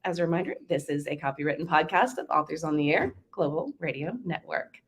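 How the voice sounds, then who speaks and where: A woman's voice: low voice, animated, brisk, heavy background noise. Woman from south louisiana hosting a podcast, slight southern accent, laughs a lot. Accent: light Southern. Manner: chatty, laughs often. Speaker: podcast host. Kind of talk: casual interview chat.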